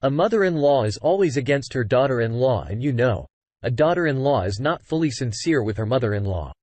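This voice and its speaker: A man's voice: medium pitch, lively intonation, brisk, darkish tone, dry recording. A man narrating a personal story in the first person, earnest and conversational, with frequent fillers.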